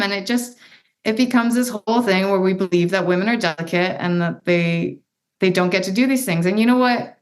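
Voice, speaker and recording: A woman in her thirties, a podcast guest, talking with passion and emphasis and encouraging her listeners. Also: lowish voice. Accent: non-American. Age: 30s. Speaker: guest adventure athlete. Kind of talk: candid interview conversation.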